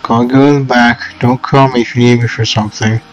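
A man's voice: mid-range voice, level tone, brisk, dull audio, lightly acted. A man reading a curt, unfriendly young man.

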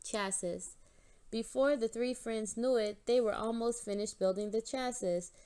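A woman reading a children's picture book aloud with a steady, clear delivery. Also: fairly high pitch, measured pace. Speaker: storybook reader.

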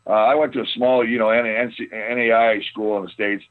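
A man, a former football player, telling rambling, animated stories as an interview guest, with many restarts. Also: fairly low pitch, brisk. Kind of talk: casual storytelling interview. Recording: tinny phone line.

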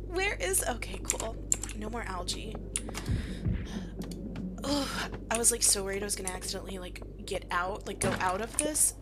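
A woman's voice: medium pitch, lively intonation, moderate pace, noisy background. A young woman giving casual, self-deprecating commentary while playing a game, laughing often. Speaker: gaming video creator. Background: keyboard clicks and typing.

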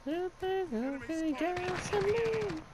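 A man giving live gameplay commentary, excitable and swearing, trash-talking the other players. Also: very high-pitched, slow pace, very noisy. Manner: excitable, profane trash talk. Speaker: gamer. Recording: loud game gunfire and vehicles over voice. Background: shooter game gunfire and explosions.

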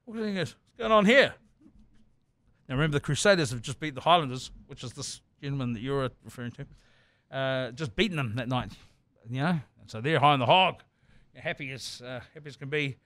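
A man with a New Zealand accent, a podcast host telling a comic anecdote in an animated, laughing way. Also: mid-range voice, fast, dry recording. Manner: animated storyteller, laughing through his tale. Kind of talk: comedic anecdote.

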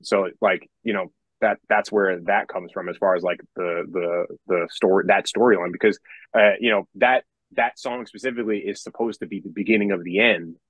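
A man's voice: fairly low pitch, steady tone, moderate pace, a bit bright, dry recording. A young man, a metal songwriter, talking casually on a podcast, rambling with many restarts and casual swearing.

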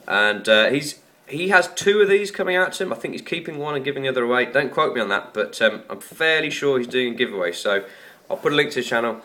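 Chatty man with a bright voice. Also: mid-range voice. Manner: rambling, chatty and self-mocking. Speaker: tech YouTuber. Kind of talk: casual unboxing vlog.

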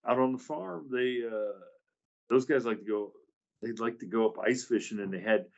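A man's voice: medium pitch, normal speed, creaky, a little mellow, muffled recording. A man hosting a podcast, musing and rambling in casual chat. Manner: rambling, musing, laughs easily. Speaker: podcast host.

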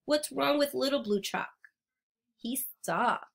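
Woman teacher, unhurried picture-book read-aloud, invites the kids to join in. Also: sits high, gravelly. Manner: interactive, prompting children to join in.

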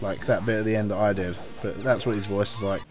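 An English man giving casual, rambling commentary while playing a video game, cursing at enemies and shouting when things go wrong. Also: lowish voice, fast talker, soft background music. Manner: excitable, swears at enemies, rambling asides. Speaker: let's play host.

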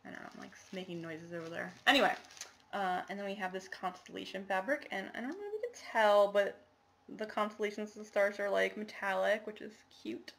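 A woman talks casually to her viewers, rambling from one item to the next with plenty of "um" and "like." Her voice has a gravelly, fried edge at a middle pitch. A faint hiss of background noise sits behind her. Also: fairly quick, a bit bright. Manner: rambling, chatty, many fillers and apologies. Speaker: cross-stitch vlogger. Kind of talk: casual show-and-tell chat.

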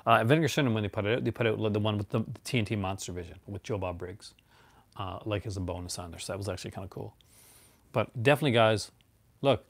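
A man's voice: lowish voice, quick pace, vocal fry. A man hosting a casual, rambling chat about his movie collection, laughing often.

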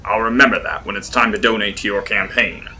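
Guy voicing a dry sarcastic middle-aged cigar-chewer, really bright sharp tone. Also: fairly low pitch, fairly even intonation, brisk, a little hiss or hum. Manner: dry, teasing, drawling. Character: wry, sarcastic middle-aged man, cigar-chewing storyteller.

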